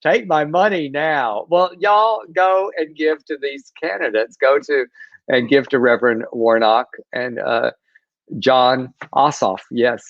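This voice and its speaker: Guy cohosting a live chat show, laughs a lot, flat dry lo-fi sound. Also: medium pitch, takes it slowly, no echo. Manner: chatty, laughing, trips over names. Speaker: co-host. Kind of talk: casual news chat. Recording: dull, dry lo-fi stream audio.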